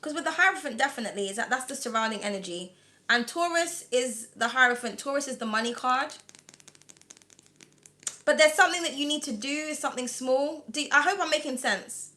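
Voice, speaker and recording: A British tarot reader with a high-pitched, slightly whiny voice talks fairly quickly in a pushed, bright tone. She chats loosely and rambles through a live tarot reading, packing in fillers like "like" and "um" and laughing often.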